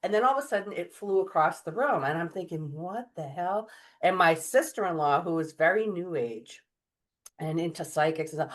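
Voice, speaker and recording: A middle-aged woman telling her story as an interview guest, chatty and animated, acting out the voices of people she quotes. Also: fairly low pitch, moderate pace. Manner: chatty, many fillers and restarts. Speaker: guest medium.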